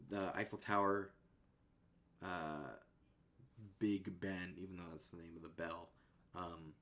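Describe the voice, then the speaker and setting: A man streaming and chatting casually at a desk microphone in a rambling, laid-back way that often trails off softly. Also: fairly low pitch. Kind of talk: casual chat.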